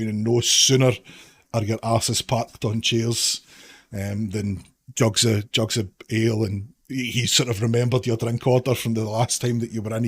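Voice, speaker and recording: Husky, rambling game master. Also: male voice, fairly low pitch. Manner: casual, rambling, many fillers. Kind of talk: narrating a tabletop game.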